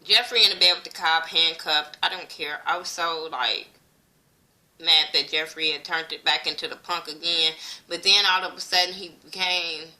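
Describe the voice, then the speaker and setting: A woman's voice: low voice, normal speed. Blunt, profane woman recapping a show. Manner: blunt, profane, animated retelling with quoted voices. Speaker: TV show reviewer. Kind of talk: casual recap vlog.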